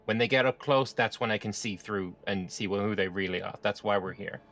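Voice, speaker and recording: A man playing a tabletop game, speaking calmly and in a measured way as his character. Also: on the low side, a little hiss or hum. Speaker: player.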